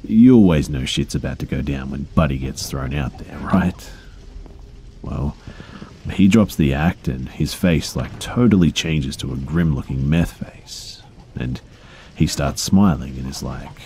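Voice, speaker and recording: A man in his thirties narrating creepy true stories in a low-key, conversational way, with casual fillers and profanity. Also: a little slow, mellow, a little hiss or hum.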